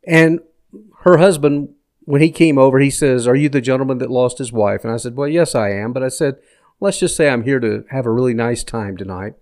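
Middle-aged guy telling a story to his viewers, easygoing and reflective, average pitch. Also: darkish tone. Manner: reflective, conversational, recounts dialogue plainly. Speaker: vlogger sharing personal stories. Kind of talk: casual storytelling monologue.

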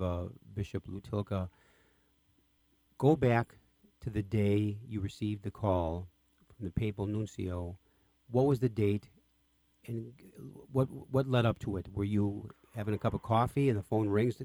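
A man's voice: lowish voice, moderate pace, dark tone, no room sound. A man hosting an interview who asks questions with enthusiasm. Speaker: host, interviewer. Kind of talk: radio interview.

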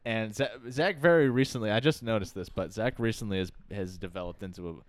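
A man's voice: lowish voice, a little fast. A young man co-hosting a casual podcast, swearing freely and laughing with his friends. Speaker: podcast co-host.

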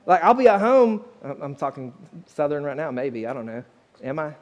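Pastor preaching a sermon, male, higher-pitched voice, loose and conversational with the congregation. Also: big pitch swings, moderate pace.

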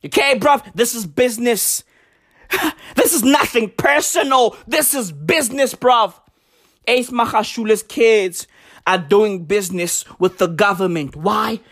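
A comedian with a South African accent, delivering a profane, shouty sarcastic rant full of "bruv". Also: mid-range voice, a little slow.

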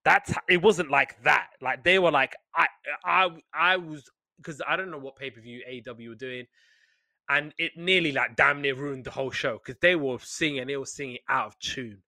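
A man co-hosting a casual chat, animated and playful, often slipping into quick voices. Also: mid-range voice, gravelly, dry recording. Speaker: podcast co-host. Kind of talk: casual chat about wrestling.

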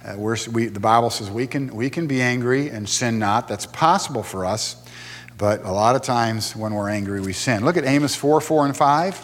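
A man's voice: mid-range voice, moderate pace, big-room sound. A male pastor teaching a sermon in a conversational way, explaining Bible verses and reading scripture aloud.

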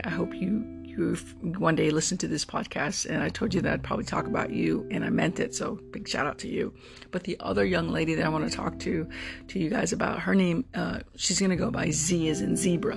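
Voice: medium pitch, creaky. A podcast host in their forties, telling stories in an earnest, meandering way in a casual solo monologue. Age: 40s. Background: guitar music.

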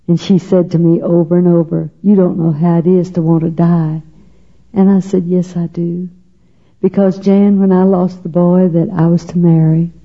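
An older Texan woman shares her personal faith testimony in a folksy, chatty, humorous and emotional way, acting out the voices of other people. Her voice is fairly low, dark and husky, and the recording sounds muffled.

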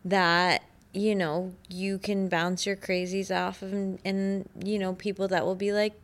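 A woman's voice: medium pitch, little pitch movement. A woman co-hosting a podcast, earnestly explaining her ideas in casual chat. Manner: earnest, explains ideas, some fast bursts.

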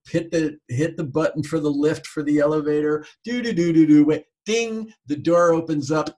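Male interview host, quick chatty delivery, slightly high husky voice. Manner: quick, chatty storytelling, sound effects in his anecdotes. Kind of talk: casual interview chat.

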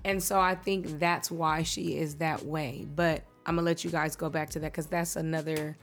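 A woman in her thirties, a podcast co-host, telling stories in a blunt, profane, animated way. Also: low-pitched, moderate pace, faint music behind. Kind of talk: casual chat.

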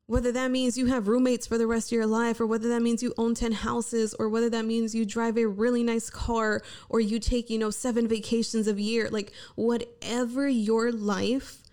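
With a voice on the high side and a flat delivery, a thirtysomething woman talks at a moderate pace, hardly pausing, her tone a little mellow. She's hosting her own casual podcast on a podcast microphone, candid, swearing freely and poking fun at herself in a pep-talk style.

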